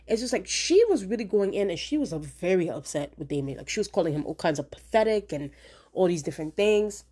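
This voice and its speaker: A woman's voice: lowish voice, lively intonation, fairly quick, mellow. A woman chatting casually as she reviews a TV episode, slangy and repeating lines for emphasis. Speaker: TV show reviewer.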